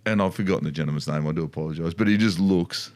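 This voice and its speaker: His voice is low and darkish, and he races along as co-host of a casual riding conversation. This middle-aged Australian from a motorcycle dealership rambles, with frequent restarts and asides.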